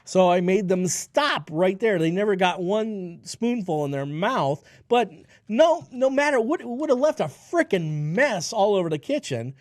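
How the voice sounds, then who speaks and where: A fairly high-voiced man in his forties hosts a solo health talk show, his pitch swinging widely as he reads out headlines and then breaks into sarcastic rants. The sound is dry and close, with no room around it. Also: animated, measured pace, no room sound. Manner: ranting, sarcastic asides between read-out headlines. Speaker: radio health show host. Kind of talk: solo health news commentary.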